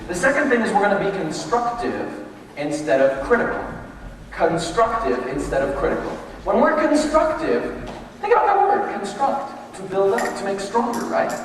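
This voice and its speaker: Animated man leading a workshop, echoey hall. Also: high voice, slight background noise. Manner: animated storytelling, acts out quotes. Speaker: leadership workshop presenter. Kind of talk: motivational workshop talk. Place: large room with tables, echoey. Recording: echoey hall from far off, faint ambience.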